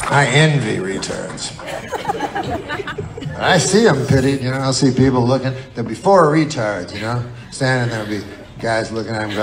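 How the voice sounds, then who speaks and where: A man's voice: medium pitch, lively intonation, normal speed, gravelly, rough recording. A man doing stand-up comedy, telling rambling, profane stories in a loose conversational way. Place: live comedy venue with audience. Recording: live stand-up with crowd laughter. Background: audience laughter.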